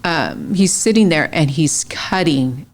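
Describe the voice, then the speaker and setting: A middle-aged woman joins a podcast as a guest and chats earnestly, often adding that she could be wrong. Her voice is low for a woman. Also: lively intonation, slow. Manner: chatty and earnest, hedging her facts. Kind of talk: casual chat.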